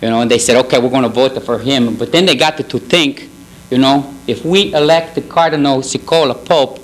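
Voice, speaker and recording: A man's voice: medium pitch, brisk, slight background noise, close to an everyday voice, poor audio. A man playing a sly middle-aged Italian parish priest with a put-on Italian accent and broken English, telling jokes at a banquet. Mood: deadpan. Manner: deadpan, rambling joke delivery, broken English. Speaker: banquet humorist. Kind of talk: stand-up roast at a banquet. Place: banquet hall.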